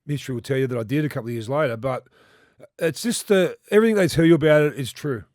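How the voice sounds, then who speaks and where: An Australian man in his fifties who once played rugby league tells animated, rambling stories in casual conversation, swearing freely. He's a fast talker with a mid-range voice, captured in a dry, studio-quality recording.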